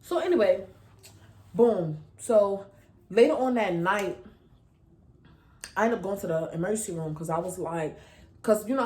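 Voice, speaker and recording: A woman in her twenties from New York City with a New York accent, telling a story to camera in a casual, slangy, animated way and acting out the voices she quotes. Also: medium pitch. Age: 20s. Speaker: vlogger.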